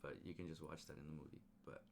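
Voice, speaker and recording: Deep-voiced man rambling through a film recap. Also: quick pace, vocal fry, slight background noise. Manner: rambling, animated retelling with slang and restarts. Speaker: movie reviewer. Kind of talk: casual spoiler movie recap.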